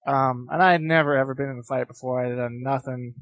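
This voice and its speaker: A man's voice: mid-range voice, steady tone, quick pace, fairly bright tone, dry recording, muffled recording. A young man in his late teens, a guest in a casual interview, telling rambling stories and laughing often between phrases. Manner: many fillers and restarts. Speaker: interview guest, competitive gamer.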